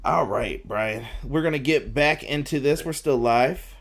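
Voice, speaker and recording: A man hosting a casual wrestling podcast, excitable, laughing and acting out his reactions. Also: mid-range voice, measured pace, vocal fry. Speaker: podcast host.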